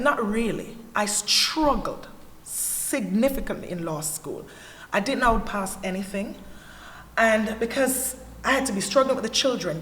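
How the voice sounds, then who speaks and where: A church hall's echo and faint ambience surround a woman whose voice is a little high, with slight background noise. She speaks with a Jamaican accent, earnestly and candidly recounting her personal testimony as a panelist. Her storytelling is animated.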